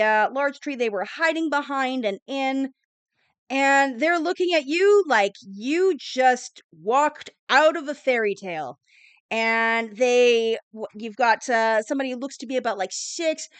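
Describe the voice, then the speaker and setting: High-voiced woman game master. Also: clean tone, dry recording. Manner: rambling, filler-heavy, animated. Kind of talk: narrating a tabletop game.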